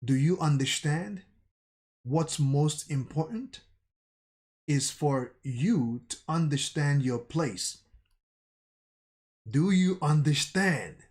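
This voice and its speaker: A man voicing a cold, threatening young male soldier, reading slowly and deliberately from a manga. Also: a little high, animated, darkish tone. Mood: menacing.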